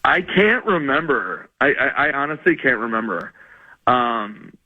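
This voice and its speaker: A man telling a funny story as a comedian guest on a radio show, rambling, self-mocking, with quick laughs. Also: mid-range voice, big pitch swings, no echo, narrow, tinny audio.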